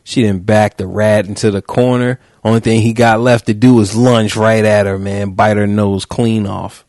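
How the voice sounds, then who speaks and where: Male podcast host, gravelly voice, slangy comic banter, dry close sound. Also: on the low side, moderate pace, no echo. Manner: joking, animated, slangy riffing. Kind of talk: casual podcast chat.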